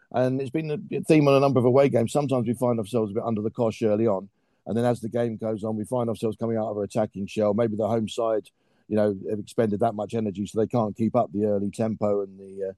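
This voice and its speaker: A middle-aged Englishman with a low, mellow, dark voice, recorded close and dry with no room around it. He chats in long, meandering, drily ironic stretches full of puns and fillers, in the manner of a seasoned football commentator. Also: steady tone, fast talker, no room sound. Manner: wordy, pun-loving, drily ironic with many fillers. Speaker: football podcast guest and club commentator. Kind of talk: casual podcast chat.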